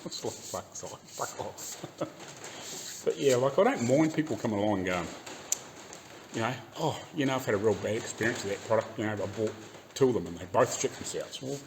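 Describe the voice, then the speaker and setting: This car restoration YouTuber, a Kiwi man, swears and laughs his way through a casual rant while working in his garage. He speaks at normal speed in a lowish, expressive voice, with slight background noise behind him.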